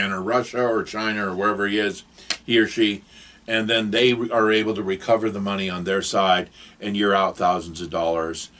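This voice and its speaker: A man's voice: on the low side, fairly bright tone. An older man giving advice in a casual, rambling, digressive monologue to camera.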